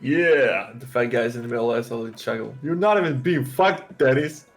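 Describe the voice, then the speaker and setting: A man's voice: mid-range voice, expressive, normal speed, soft background music. Rowdy joking man on a game stream. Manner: loud, joking, tries character accents. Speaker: co-player reading character lines. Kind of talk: casual game stream chat.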